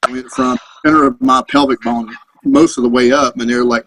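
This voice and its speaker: A man's voice: medium pitch, level tone, brisk, fairly bright tone, a little hiss or hum, poor audio. A Marine veteran in his thirties, a podcast guest telling profane, rambling anecdotes in a casual chat. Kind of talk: casual storytelling.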